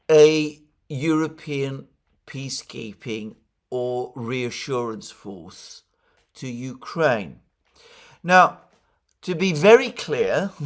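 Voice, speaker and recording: A man giving solo political commentary in a measured, explanatory way. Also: medium pitch, a bit bright.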